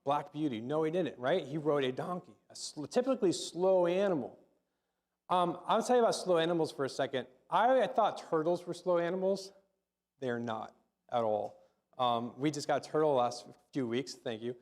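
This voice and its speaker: A man's voice: fairly high pitch, expressive, normal speed, darkish tone. Conversational middle-aged male pastor. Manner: conversational, repeats words, asks the congregation questions. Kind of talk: sermon.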